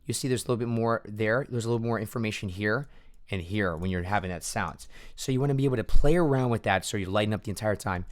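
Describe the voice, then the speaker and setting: A man coaching a choir on singing, talking quietly at home at night and losing his voice a little. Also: fairly low pitch, fast talker. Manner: quiet, hushed speech to avoid waking kids. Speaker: vocal coach. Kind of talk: casual coaching talk over recordings.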